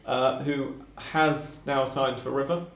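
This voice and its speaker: A man's voice: medium pitch, level tone, slow, a bit bright, reverberant. A man hosting a casual football podcast, chatty and explaining details for listeners. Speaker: podcast host.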